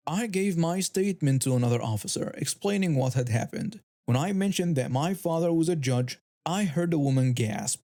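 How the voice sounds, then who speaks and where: A man reads a first-person story aloud in scripted narration. His voice is dark and mellow, with a middle pitch. He keeps an even, steady delivery throughout. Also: fairly quick, hardly any pauses.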